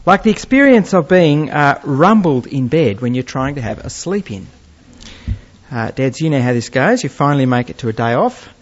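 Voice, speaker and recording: Lively preacher, a man. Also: mid-range voice, moderate pace. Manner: lively storytelling with gentle humour. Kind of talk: sermon. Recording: dull lo-fi recording.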